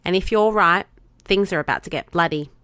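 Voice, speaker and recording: A woman voicing a brisk, determined female Starfleet doctor who talks firmly and insistently in a fan audio drama. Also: fairly low pitch, sharp tone, smooth, dry recording. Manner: firm, insistent.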